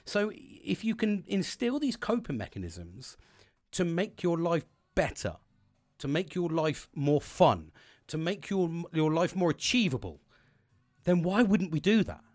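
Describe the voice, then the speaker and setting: A man speaks into his home podcast mic in a casual motivational monologue. His voice sits a little high for a man and leaps up and down with animated swings. He swears constantly and breaks into quick impressions of other people. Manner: heavy swearing, animated, acts out quoted people. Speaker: podcast host. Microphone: home podcast mic setup.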